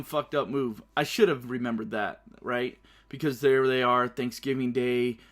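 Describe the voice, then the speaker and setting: Brash and foul-mouthed, a man hosts his own laid-back solo podcast, frequently laughing as he tells stories. His voice sits in the mid range with a fairly bright tone.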